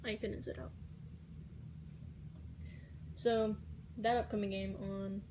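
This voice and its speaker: A teenage girl telling a personal story in a vlog, halting and hesitant, dropping at times into soft whispers. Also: medium pitch, level tone, a little hiss or hum, low-quality recording. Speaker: vlogger.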